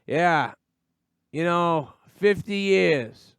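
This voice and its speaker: A man voicing a bitter, rambling divorced man complaining to a stranger at a bar, slow and aggrieved. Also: on the high side, animated, creaky, clear, resonant tone, dry recording, clean studio sound, pitched above the performer's own voice, full character voice. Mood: aggrieved rant. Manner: aggrieved, ranting, slow and drawn out.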